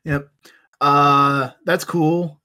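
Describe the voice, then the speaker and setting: Male co-host, a bit high-pitched, laid-back and wry in his recaps. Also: flat delivery, very slow, pushed and bright. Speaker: podcast co-host. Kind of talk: casual chat.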